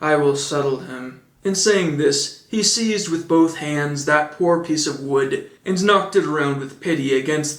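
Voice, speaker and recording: Man, storybook narrator, dry asides, fairly high voice, roomy echo. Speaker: audiobook narrator. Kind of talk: casual storybook reading with asides.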